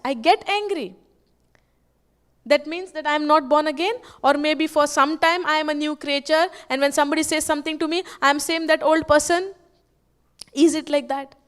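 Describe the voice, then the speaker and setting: High-voiced woman preaching. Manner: asks the crowd questions over and over; quotes scripture slowly, stressing words. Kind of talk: sermon at a retreat. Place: retreat hall.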